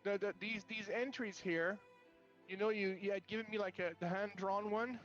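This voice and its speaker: A man's voice: high-pitched, fairly even intonation, moderate pace, fairly bright tone, faint music behind. A man playing in a tabletop game, chatting casually with wry, joking asides. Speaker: player. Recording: dull lo-fi audio.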